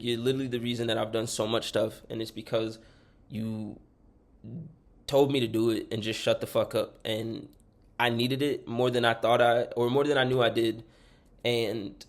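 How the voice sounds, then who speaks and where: A young man hosting a podcast, rambling sincerely through thank-yous to friends and listeners, swearing freely and choked up close to tears. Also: medium pitch. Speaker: podcast host. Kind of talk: heartfelt shout-outs to listeners.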